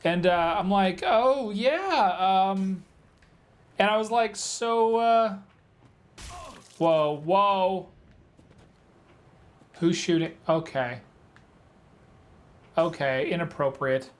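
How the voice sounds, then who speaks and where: A man's voice: on the high side, slow, long pauses. A man giving casual, rambling commentary while playing a video game, full of filler words. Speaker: let's play gamer.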